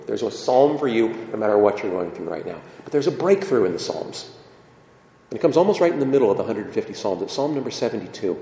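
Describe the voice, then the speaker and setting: A man's voice: medium pitch, brisk. A man preaching a sermon, asking his listeners questions and talking straight to them. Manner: animated, asks the listeners questions. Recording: echoey hall reverb.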